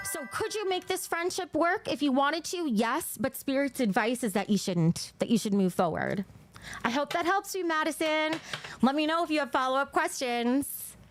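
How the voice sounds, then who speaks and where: A young woman giving tarot readings on a live stream, talking casually and chatting with viewers between cards. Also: high-pitched. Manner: chatty, reads viewer names and pulls cards aloud. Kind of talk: casual livestream chat.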